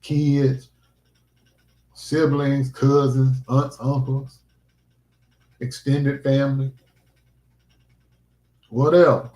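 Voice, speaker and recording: Man, earnest vlogger, emphatic and preachy, mid-pitched, roomy echo. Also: little pitch movement, drawn-out words, pauses often, mellow. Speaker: livestreaming vlogger. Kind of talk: casual heartfelt livestream talk.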